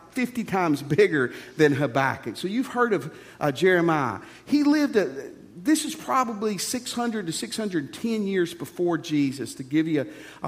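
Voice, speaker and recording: A male pastor preaches with a high-pitched voice, stressing his points hard while talking to his listeners like a conversation. His words ring out with a long reverb, as in a large hall. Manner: emphatic, conversational preaching that addresses the congregation. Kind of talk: sermon.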